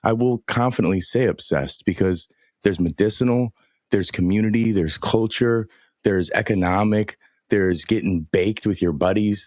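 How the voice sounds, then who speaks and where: Deep-voiced man hosting casual chat. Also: darkish tone, dry recording, clean studio sound. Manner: laid-back slangy, says dude a lot. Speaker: podcast host.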